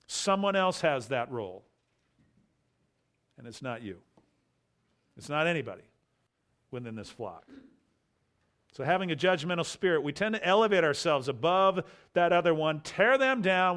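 Male pastor, slightly high pitch, emphatic verse-by-verse preaching with quiet asides. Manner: emphatic, rhetorical questions, drops to quiet asides. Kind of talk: expository sermon.

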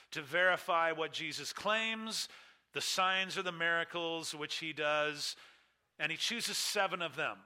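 Bright-voiced emphatic male preacher. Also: fairly high pitch. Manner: emphatic, repetitive preaching cadence. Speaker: pastor. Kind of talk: sermon.

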